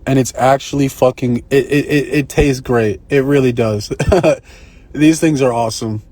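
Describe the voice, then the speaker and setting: A man telling a long story on a phone livestream, in a profane, rambling and excitable way. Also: mid-range voice, a little slow, no room sound. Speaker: live-streamer. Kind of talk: casual live-stream storytelling.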